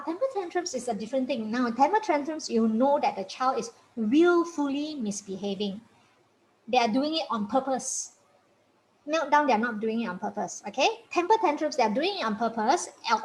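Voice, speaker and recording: High-voiced, chatty woman parenting coach. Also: slight background noise, low-quality recording. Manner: chatty and encouraging, laughs often, repeats points, tag questions. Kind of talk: informal parenting talk.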